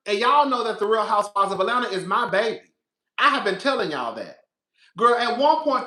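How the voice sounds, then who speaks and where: A man's voice: very high voice, sharp tone, echoey room, poor audio. A man reviewing a reality show, over-the-top and dramatic, swearing freely and swinging from hollering to whispering. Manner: profane, chatty, calls listeners "girl". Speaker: TV recap vlogger.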